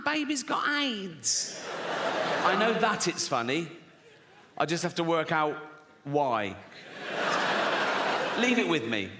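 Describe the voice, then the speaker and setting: English comedian doing stand-up, slightly high voice, swears a lot, echoey hall, crowd noise behind. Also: male voice. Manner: provocative, sweary, conversational. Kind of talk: stand-up routine. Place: large live venue.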